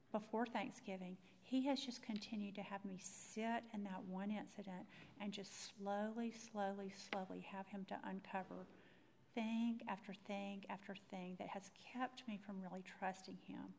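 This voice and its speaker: A woman's voice: mid-range voice, in a large hall, a little hiss or hum. A woman telling a personal faith story, acting out the voices in it. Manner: animated storytelling, acting out quotes. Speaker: Christian speaker. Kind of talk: personal testimony talk.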